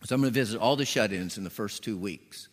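A man's voice: lowish voice, fast. A man preaching a sermon as a pastor, telling stories and acting out voices with punchy emphasis. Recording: long hall reverb.

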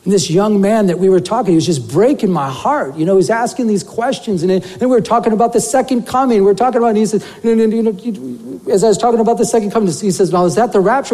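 A man preaching a sermon as a pastor, telling a story in an animated way and saying "you know" often. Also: high-pitched, brisk. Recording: long reverb of a church hall.

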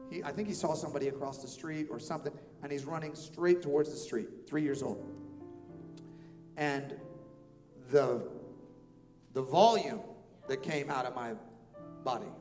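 A man preaching with a notably high voice, pressing his points through repetition and shifting between hushed and forceful delivery. His voice rings through a church hall with a long reverb tail. Soft music plays faintly underneath. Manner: emphatic, repeats phrases, swings between soft and loud. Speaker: pastor. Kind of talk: sermon.

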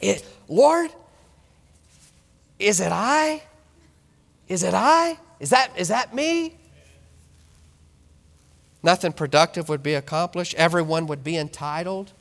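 A man in his thirties preaching a sermon in a church, animated and joking with the congregation. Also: fairly high pitch. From small ranching town. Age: 30s. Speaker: pastor. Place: church sanctuary. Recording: long reverb of a church hall.

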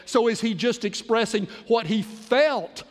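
Male preacher, high register, sermon and scripture reading, long church-hall reverb. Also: measured pace. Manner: reads scripture aloud, leads the congregation in call-and-response.

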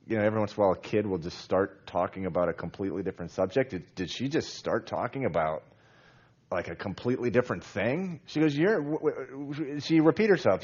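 A man's voice: medium pitch, animated, a little fast, darkish tone, husky, muffled recording. A man preaching a sermon in a conversational way, with many fillers and restarts, growing emphatic as he goes. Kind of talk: sermon on a Bible passage.

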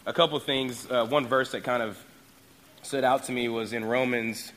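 A man's voice: medium pitch, steady tone, normal speed, a bit bright, slight background noise. A man sharing a short devotional thought in church, talking loosely and casually with small fillers.

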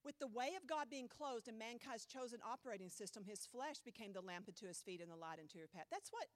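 A woman preaching a sermon, blunt and animated, mocking excuses in quick mimicry. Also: a little high, no echo.

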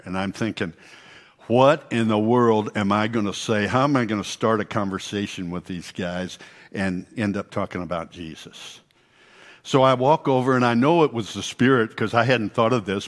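Guy telling a church story, folksy, acts out the quotes, big echoey hall. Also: on the low side. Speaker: church speaker. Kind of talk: testimony talk. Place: church sanctuary. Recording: long church hall reverb.

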